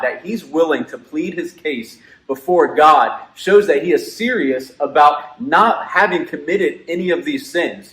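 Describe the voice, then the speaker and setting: A man's voice: a little high, a bit bright. A man leading a student ministry Bible lesson, explaining earnestly and building toward dramatic moments in the story. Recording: echoey room.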